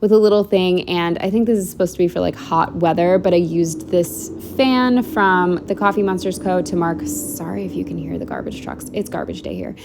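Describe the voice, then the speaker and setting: A woman's voice: on the low side, big pitch swings, normal speed, few pauses, noisy background. A woman narrating a casual planner walkthrough at home, chatty and rambling with lots of "like" and "um". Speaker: planner vlogger.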